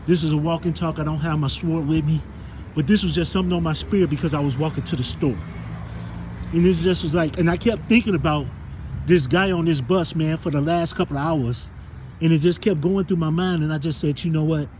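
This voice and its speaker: A man's voice: on the high side, fairly even intonation, brisk, a little mellow, slight background noise, rough recording. A man from Chicago preaching a casual walk-and-talk sermon outdoors, recording himself on a phone as he walks to the store. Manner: preachy, recounts and warns with scripture. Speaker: street preacher.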